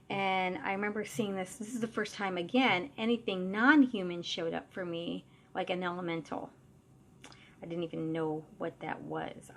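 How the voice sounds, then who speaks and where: A woman tells a story to camera in a chatty, animated way, piling on asides. She talks bluntly and swears without fuss, in the easy tone of someone who works as a psychic medium. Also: mid-range voice.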